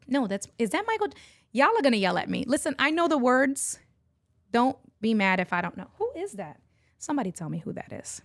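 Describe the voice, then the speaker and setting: A woman's voice: mid-range voice, dry recording, clean studio sound. A middle-aged woman hosting a casual livestream, chatting and laughing with her viewers as she goes. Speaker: livestream host and online entrepreneur.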